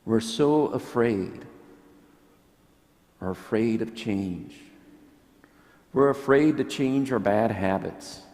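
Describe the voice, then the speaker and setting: A man preaching a homily as a priest, slow and reflective, pausing and restarting as he thinks aloud. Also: mid-range voice, darkish tone. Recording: long church reverb.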